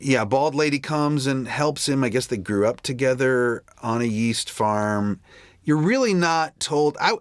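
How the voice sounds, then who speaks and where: A man's voice: medium pitch, animated, a little slow, smooth, dry recording. A man co-hosting a podcast, chatting casually about a movie in a rambling, self-interrupting, wry way. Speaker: podcast co-host.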